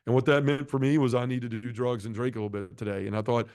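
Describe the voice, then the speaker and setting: A man's voice: medium pitch, fairly even intonation, fast, darkish tone, dry recording, studio quality. A man giving an earnest personal testimony as a guest, telling his story and acting out the dialogue along the way. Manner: earnest, acts out quoted dialogue. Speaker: podcast guest.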